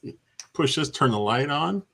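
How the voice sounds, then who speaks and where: A husky man with a bright, lively voice co-hosts a casual chat show about games. He swings his pitch widely as he tells stories, and he laughs often. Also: moderate pace. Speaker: co-host of a retro gaming chat show.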